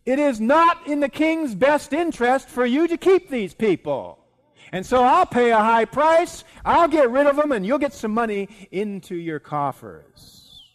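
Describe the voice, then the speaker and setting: A man's voice: very high voice, big pitch swings, measured pace, voice pushed up, heavily acted, poor audio. A preacher playing a scheming royal adviser who insistently persuades a king.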